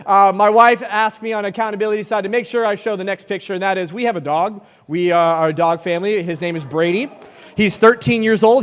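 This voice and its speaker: Man, 30s, high voice, youth preacher, joking storyteller, echoing hall. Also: smooth. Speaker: youth event speaker. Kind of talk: humorous youth sermon. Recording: reverberant hall sound.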